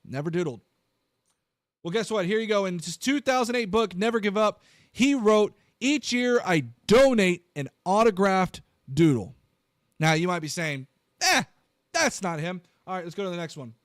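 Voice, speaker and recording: A man hosting a live political commentary stream, animated and incredulous, talking straight to his viewers. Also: high-pitched, moderate pace, no echo, clean studio sound.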